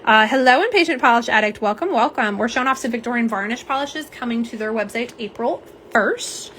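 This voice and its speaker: A woman's voice: on the high side, lively intonation, a little fast, fairly bright tone, a little hiss or hum. A young woman hosting a casual live stream, chatting and reading viewer comments aloud. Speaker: livestream host. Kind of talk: live unboxing and swatch stream.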